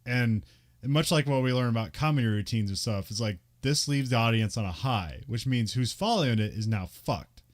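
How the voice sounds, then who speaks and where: A man talking casually on a podcast with a lively, up-and-down pitch. He walks through a movie's plot in a loose, chatty way and laughs often. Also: moderate pace. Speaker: podcast co-host. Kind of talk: casual film discussion.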